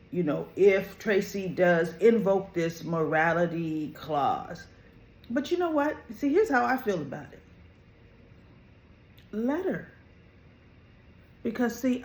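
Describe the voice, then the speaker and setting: A host giving an animated, opinionated casual review of a soap opera episode, with frequent "you know" and "right?" asides. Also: medium pitch, reverberant. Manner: animated, opinionated, quotes characters in lively voices.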